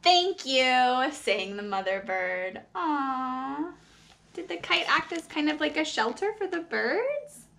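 This preschool teacher's high-pitched voice shows some vocal fry as she reads a picture book to young children. She reads expressively, pausing to ask the children questions.

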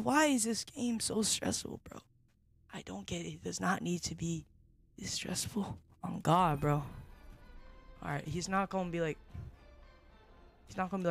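A young man streaming a horror game, jumpy and excitable, who repeats himself in slangy bursts and drops to a whisper when tense. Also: sits high, normal speed, gravelly, long pauses, soft background music. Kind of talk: live gaming commentary.

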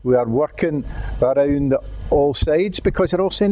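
Casting: older Glaswegian man, storyteller at a lectern, slightly high voice with a mellow tone. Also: brisk. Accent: Scottish, Glaswegian. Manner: storytelling, acts out quotes, urging. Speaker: guest speaker, former head teacher. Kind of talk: anecdotal talk to an audience.

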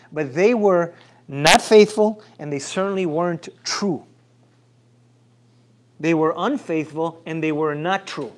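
A man preaching a sermon as pastor, repeating phrases and calling for responses from the congregation. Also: high-pitched. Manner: repetitive, emphatic.

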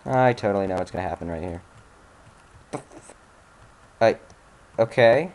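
A man's voice: on the low side, a little slow, darkish tone. A man hosting a let's-play, giving casual gameplay commentary while exasperated, muttering and swearing at the game.

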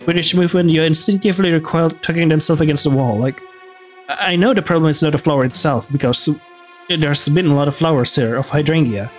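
A man reads a story game aloud, stumbling and restarting words as he goes, with casual remarks between lines. His voice sits a little high for a man, and soft music plays faintly under him. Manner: halting, restarts words, reads with some feeling. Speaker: gamer reading a visual novel aloud. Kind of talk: reading game text aloud with casual asides.

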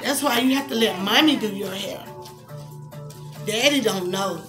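A woman, reading a picture book aloud to her young child in a soft, coaxing way, with asides. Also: a little high, moderate pace, music in the background.

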